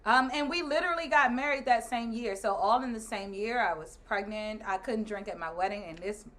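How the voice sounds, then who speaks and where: A woman in her thirties, a guest and the host's wife, telling a story in casual chat, animated and laughing as she acts out other people's lines. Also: a little high, fairly quick.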